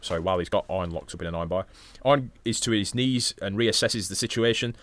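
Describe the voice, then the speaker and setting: A man's voice: on the low side, quick pace, a bit bright. A man co-hosting a podcast, swearing casually and recapping a wrestling match from notes between chatty asides. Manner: profane, chatty, laughs often, reads play-by-play notes. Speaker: podcast co-host.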